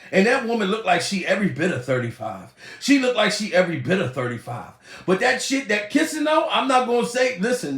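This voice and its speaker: Loud, excitable comedic ranter. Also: male voice, high-pitched. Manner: loud, excitable, profane, bursts into shouts. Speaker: comedy YouTuber. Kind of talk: comedic commentary rant. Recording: roomy echo.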